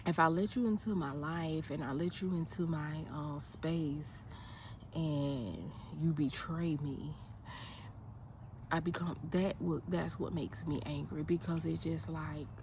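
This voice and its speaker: Low-voiced woman vlogging in a park. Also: noisy background. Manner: rambling, repeats herself, drops to a whisper when people pass. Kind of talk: casual vlog talk to camera. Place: outdoors in a park.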